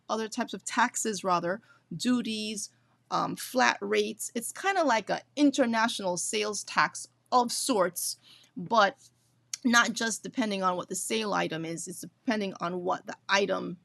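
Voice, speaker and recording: A woman's voice: mid-range voice, vocal fry, a bit bright, no room sound. A woman hosting an educational business talk, explaining things step by step and stressing key points by repeating them, with light chatty asides.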